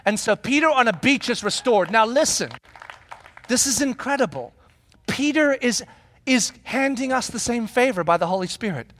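High-voiced man preaching a sermon. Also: moderate pace. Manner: animated storytelling with rhetorical questions; acts out quoted dialogue. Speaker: pastor.

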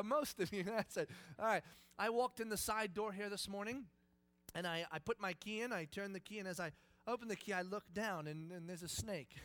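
This is a male pastor delivering a sermon in a church. His voice sits high and bright. He preaches in an animated, playful storytelling style and trades jokes with the congregation.

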